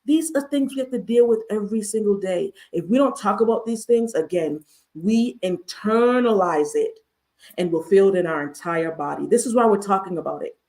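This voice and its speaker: This adult therapist from the United States, who holds a master's degree, is hosting a mental health livestream. She speaks at normal speed with a medium pitch, an animated delivery and a darkish tone, pressing her points with repeated rhetorical questions.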